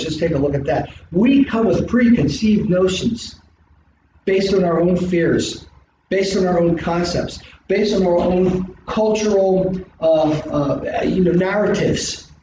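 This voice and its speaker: A middle-aged man with a South Philly accent, an instructor giving an animated classroom lecture full of rhetorical questions. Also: sits high, slow pace. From South Philadelphia, US. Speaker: college instructor. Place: large classroom. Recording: distant echoey classroom recording, dull and hissy.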